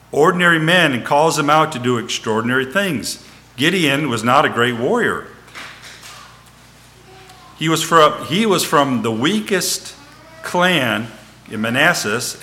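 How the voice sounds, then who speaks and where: A man's voice: mid-range voice, bright, forceful tone. A man giving an informal Bible teaching, reading scripture and retelling it in everyday words, with frequent fillers and restarts. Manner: reads scripture aloud, then retells it in plain everyday words.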